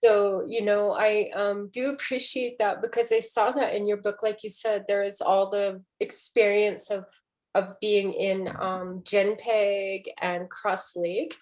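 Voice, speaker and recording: A woman poet in a book conversation, speaking emotionally and haltingly, with many restarts. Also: mid-range voice, level tone, darkish tone. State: tearful.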